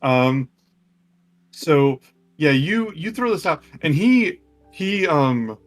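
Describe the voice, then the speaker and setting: A man narrating a tabletop game as game master, talking in a halting way full of ums and restarts. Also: fairly high pitch, big pitch swings, faint music behind.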